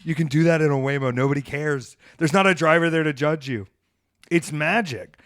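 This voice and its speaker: A man hosting a podcast in casual chat, an animated storyteller who bursts into loud acted-out bits. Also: on the high side, a little fast, no echo, studio quality. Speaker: podcast host. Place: near Atlanta.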